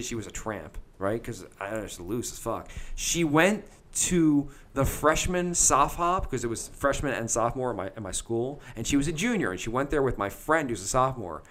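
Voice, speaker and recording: A middle-aged man tells crude stories on a podcast. His pitch swings widely as he talks, and he swears constantly and breaks into loud, exaggerated voices. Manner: animated, profane, bursts into loud put-on voices. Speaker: podcast host. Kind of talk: crude comedic storytelling.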